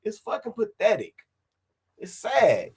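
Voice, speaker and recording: A man's voice: sits high, huge pitch swings, unhurried, a little mellow, husky. Profane, confrontational male streamer. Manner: profane, confrontational, repeats himself. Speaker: online streamer and commentator. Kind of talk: casual ranting livestream.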